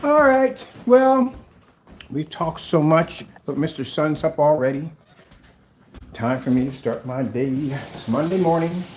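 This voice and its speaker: A man's voice: fairly high pitch, expressive, a little slow, darkish tone, a little hiss or hum. Emphatic man in an echoey room. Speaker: small business owner. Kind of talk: casual vlog demonstration.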